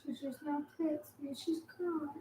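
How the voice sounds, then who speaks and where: A woman who speaks softly and soothingly as she passes along messages from someone else. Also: high voice, steady tone, a little slow, reverberant.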